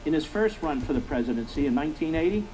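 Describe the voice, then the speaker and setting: A man's voice: fairly high pitch, expressive, quick pace, mellow, slight background noise, rough recording. A middle-aged man hosting a political commentary monologue, emphatic and repetitive, firing rhetorical questions at his listeners. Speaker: talk show host.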